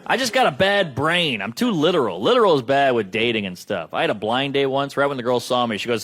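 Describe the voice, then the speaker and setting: A man's voice: medium pitch, expressive, a little fast, few pauses, fairly bright tone. A man performing a stand-up comedy set on a club stage, wry and self-deprecating, acting out both sides of his stories.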